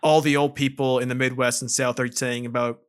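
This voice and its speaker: A man's voice: medium pitch, little pitch movement, a little fast, smooth. A man co-hosting a podcast in casual chat, making sarcastic jokes and swearing casually. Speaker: podcast co-host. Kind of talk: casual chat recapping a film.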